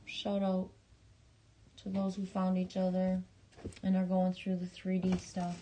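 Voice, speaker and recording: A woman hosting a casual livestream, reading viewer messages in a halting, rambling way, with many restarts and some swearing and affection for her viewers. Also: fairly low pitch, monotone, mellow, slight background noise. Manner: affectionate, talking straight to viewers. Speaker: livestream host.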